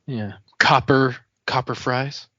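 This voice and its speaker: Slow, husky man riffing jokes. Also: medium pitch, fairly even intonation, sharp tone, dry recording, muffled recording. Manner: joking, riffing playfully. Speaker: podcast co-host. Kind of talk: casual chat.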